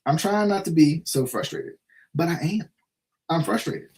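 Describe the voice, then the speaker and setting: A man with a slightly high voice hosts a casual sports live stream. He vents his frustration, circles back to the same points and keeps asking "right?" as he talks straight to his viewers. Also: normal speed, darkish tone. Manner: frustrated, repetitive, full of restarts and "right?". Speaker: sports show host.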